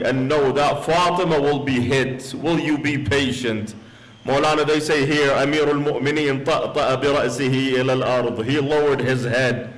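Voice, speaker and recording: A man's voice: on the high side, fairly bright tone, poor audio. A man preaching as a sheikh in a mosque, telling a solemn story and slipping into quoted Arabic phrases. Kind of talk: sermon.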